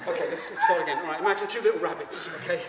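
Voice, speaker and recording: A man's voice: a little high, rapid-fire, very noisy. A man giving a rambling, stammering stage monologue, addressing the audience directly. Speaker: stage performer. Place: performance stage in a hall. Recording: echoey hall, mic far off.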